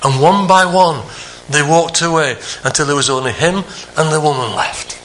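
An earnest preacher in mid-sermon, his voice a little higher than most men's and bright with edge. He climbs for emphasis and falls soft on the gentler lines, and a faint room hum sits behind him. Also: moderate pace. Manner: earnest, rises in pitch for emphasis, drops soft on quieter phrases.

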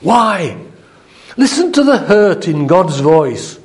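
Male preacher, high voice, chatty sermon delivery, raises his voice to act out God's lines. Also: big pitch swings, slow pace, roomy sound, a little hiss or hum. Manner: conversational, acts out the quoted speech of God with a raised voice.

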